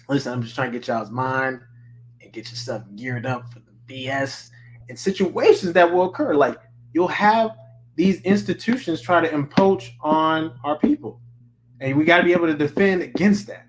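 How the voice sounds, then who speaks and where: A course instructor teaches on a livestream in a loose, casual lecture, full of fillers, restarts, and repeated words. His voice is on the high side at a moderate pace, with slight background noise.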